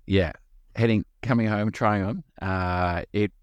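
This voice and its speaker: A man co-hosting a podcast, chatting in a halting way. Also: lowish voice, steady tone, clean tone, no echo, lo-fi sound. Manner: halting, full of fillers and restarts. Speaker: podcast co-host. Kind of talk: casual chat.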